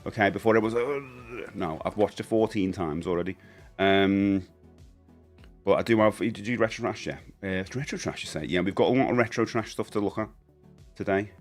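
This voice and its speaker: A man's voice: lowish voice, moderate pace, faint music behind. A man hosting a live stream in casual chat, rambling and greeting viewers as he goes. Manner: chatty, rambling, greets viewers, stumbles and repeats.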